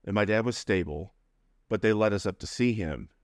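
A man's voice: fairly low pitch, moderate pace, dry recording. Man, middle-aged, interview guest, personal storytelling, humorous, laughs between phrases, dry close recording.

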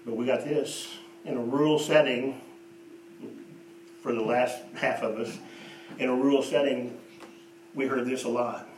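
A man preaching a sermon, telling stories and moving between hushed and emphatic delivery. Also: medium pitch, fairly even intonation, a little slow, long pauses, a little hiss or hum. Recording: echoey room, voice from a distance.

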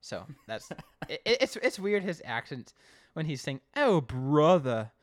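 Animated podcast co-host. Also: medium pitch, measured pace, no echo, clean studio sound. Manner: animated, with many restarts and quoted voices. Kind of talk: casual episode recap.

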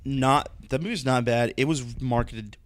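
A man's voice: medium pitch, normal speed. A man co-hosting a casual movie podcast, blunt and profane, laughing easily and mocking films. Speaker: podcast co-host. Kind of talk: casual movie-review chat.

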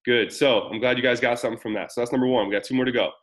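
A man's voice: medium pitch, very fast, rough recording. Casual man hosting a parenting webinar. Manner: casual, energetic, reads out chat comments. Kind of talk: live webinar talk to a chat audience.

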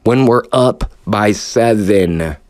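A man's voice: fairly low pitch, slow pace, dry recording, clean studio sound. A man hosting a podcast, ranting sarcastically with heavy swearing and audible frustration. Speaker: podcast host. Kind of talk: profane rant.

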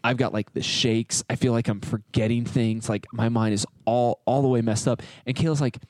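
A man's voice: mid-range voice, fairly even intonation, moderate pace, a little mellow, no room sound. Man rambling through casual stories. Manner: rambling storyteller, mimics others' voices. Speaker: podcast co-host. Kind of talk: casual chat.

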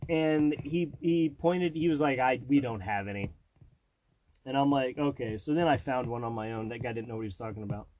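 A man in his thirties, a podcast host and father, telling stories in animated, casual chat, slipping into voices and laughing. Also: medium pitch, a little fast, few pauses, slight background noise, rough recording.

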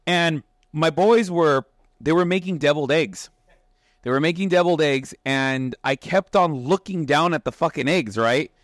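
Chef and host in his thirties, fairly high-pitched and animated, swears freely and stumbles over restarts, recorded close and dry with almost no room sound. Loose storytelling chat. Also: moderate pace, no room sound. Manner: profane, animated, restarts often, acts out quotes. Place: restaurant kitchen.

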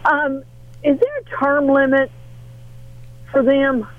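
Female caller, bright high voice, polite questions, phone-line sound. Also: animated, slow pace, dry recording. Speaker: radio caller.

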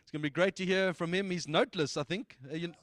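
A man with a fairly high voice addresses his church in a loose, conversational way. He repeats his phrases for emphasis as he exhorts and announces. The sound is close and dry, with no room echo. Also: fairly even intonation, fast, a bit bright. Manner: emphatic, repetitive, conversational preaching. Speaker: church leader. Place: church meeting.

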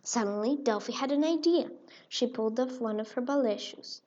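A woman narrating a children's storybook in an expressive read-aloud way. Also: a little high, normal speed. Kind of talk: storybook reading. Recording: dull lo-fi recording.

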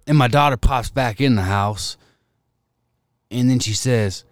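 A man's voice: medium pitch, measured pace, long pauses, no room sound, clean studio sound. A man co-hosting a casual podcast, retelling stories with crude humor, lots of swearing, and acted-out quotes. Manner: profane, animated retelling with quoted dialogue. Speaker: podcast co-host.

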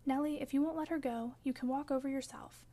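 A woman's voice: high-pitched, steady tone, fast talker, mellow, lightly acted. A woman reading the part of a stern, scheming man on horseback, coaxing and insistent, in an audiobook reading. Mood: pressing.

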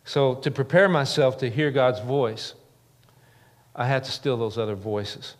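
Middle-aged pastor preaching in reverberant hall. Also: male voice, medium pitch, unhurried. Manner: earnest preaching with rising emphasis and repeated phrases. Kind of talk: sermon. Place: church sanctuary. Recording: long reverb of a large church hall.

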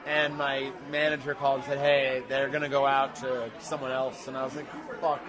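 A man's voice: medium pitch, monotone, moderate pace, a crowd in the background. A man in his thirties, a guest actor telling rambling, self-deprecating stories in a casual interview.

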